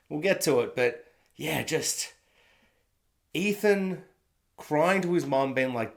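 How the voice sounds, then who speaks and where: Rambling man, slightly high voice. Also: big pitch swings, unhurried, long pauses. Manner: rambling, laughs often, self-deprecating. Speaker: TV review vlogger. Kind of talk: casual spoken review. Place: home room. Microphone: own camera setup.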